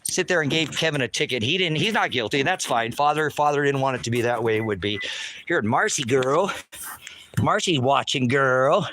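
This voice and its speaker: A man's voice: medium pitch, quick pace, few pauses, bright, forceful tone, a little hiss or hum. A man ranting angrily on a live stream outdoors, swearing heavily and repeating himself, recorded on a handheld phone. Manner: heavy swearing, repetitive and agitated. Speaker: livestreamer. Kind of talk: angry live-stream rant.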